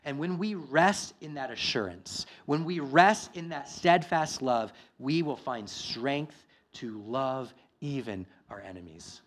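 A man preaching a sermon in a mid-range voice. He talks quietly and reflectively at times, then rises to loud, emphatic declarations. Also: medium pitch, lively intonation, slow pace, hardly any pauses. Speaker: pastor.

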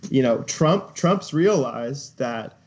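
A man of middle pitch talking through his thoughts in a measured, speculative way. He sounds like a relaxed co-host in casual chat. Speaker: podcast co-host.

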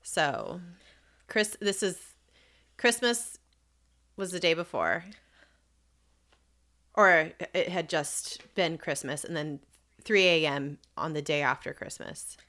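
A woman's voice: low voice, big pitch swings, takes it slowly, pauses often, pushed and bright. A woman co-hosting a casual podcast, walking through a story and stumbling over names with easy laughs. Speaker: podcast co-host.

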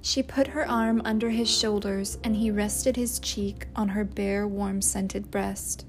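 A woman narrating a novel chapter in a measured, unhurried reading. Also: mid-range voice, fairly even intonation, a little hiss or hum. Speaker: audiobook narrator. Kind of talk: scripted storybook narration.

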